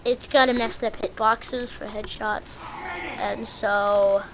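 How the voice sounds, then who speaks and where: Speaking slowly in a medium-pitched voice, a woman rambles through casual commentary on a game guide, frequently making self-deprecating jokes and getting excited easily. Background noise can be heard.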